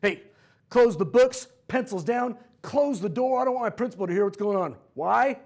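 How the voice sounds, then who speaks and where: A man's voice: high voice, expressive, normal speed, darkish tone. A man in his forties, a history teacher, telling a history story in a playful, jokey way for a comedic vlog.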